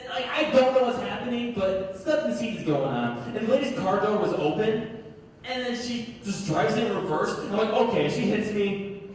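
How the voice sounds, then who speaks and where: With a high, animated voice and steady pace, a young comedian tells stories on stage, doing the voices of the characters and chuckling at his own jokes. The sound comes from a distant mic in a big hall, echoey with slight noise.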